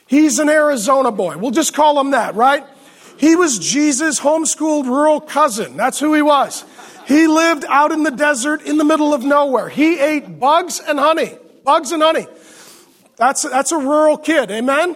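A male pastor giving an animated, joking sermon with asides to the congregation. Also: very high voice.

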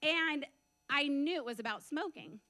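High, bright-voiced woman preaching. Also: moderate pace. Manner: animated storytelling, laughs often, acts out dialogue. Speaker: preacher giving a testimony. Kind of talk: sermon testimony.

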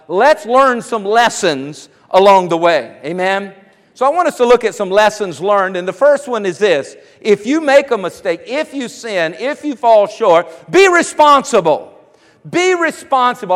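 This pastor's sermon opens with a self-mocking personal anecdote, told with an audible smile, then builds into fervent preaching. He has a fairly high voice for a man, and the room rings with the lingering echo of a church sanctuary.

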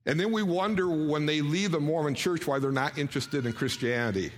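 A man's voice: fairly high pitch, brisk, in a large hall. A man preaching a sermon in an earnest way, often putting questions to his audience.

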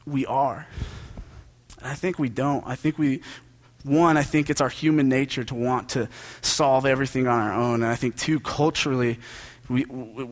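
A young adult man, a pastor, giving a casual sermon built on personal stories, joking and conversational with lots of asides. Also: medium pitch.

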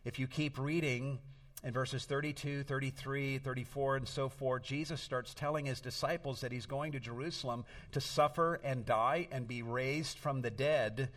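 A man's voice: medium pitch, fairly even intonation, moderate pace, fairly bright tone, recorded from a distance. A middle-aged man preaching a sermon as pastor, earnest and storytelling, leaning on emphatic words.

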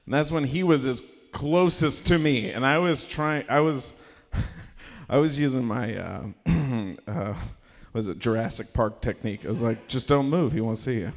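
Man, stand-up comedian, awkward halting delivery, fillers, live room with long reverb. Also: medium pitch. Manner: shrieking impressions of strangers. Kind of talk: stand-up set. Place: small performance space with a live audience.

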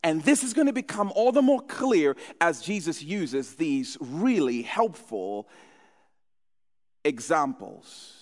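A man preaching a sermon from the pulpit, telling stories in an animated way. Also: fairly high pitch, slow pace, long reverb tail. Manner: storytelling, animated. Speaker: pastor.

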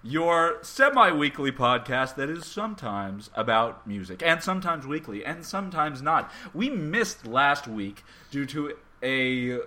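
A young man hosting a podcast in a loose, joking chat. His voice is bright and edgy, and his pitch leaps all over the place. He stumbles and stutters now and then as he teases his co-hosts. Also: sing-song, measured pace, few pauses. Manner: joking, self-mocking, stuttering at times. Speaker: podcast host. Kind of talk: casual comedic podcast chat.

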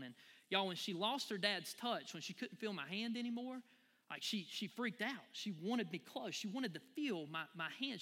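In a large church hall full of long reverb, a pastor's high, bright voice carries as he preaches to his congregation. His sermon, built around a personal story, is animated and folksy, addressing the crowd as "y'all."

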